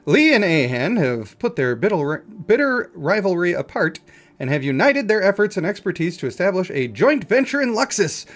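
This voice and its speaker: A game streamer commentates live, reading in-game text aloud and launching into animated, rambling comic rants. The voice is medium in pitch at a moderate pace.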